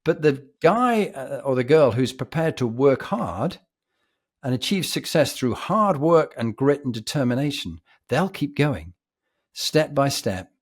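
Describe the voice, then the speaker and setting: Brief: posh British male guest, vivid anecdotal storyteller, mid pitch. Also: a little slow, breathy edge. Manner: reflective, vivid, animated storyteller. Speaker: podcast guest.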